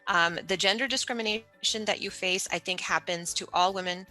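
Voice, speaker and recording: A middle-aged woman, a guest in an interview, telling her story in an animated way and often acting out other people's voices. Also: mid-range voice, fairly quick, faint music behind. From United States.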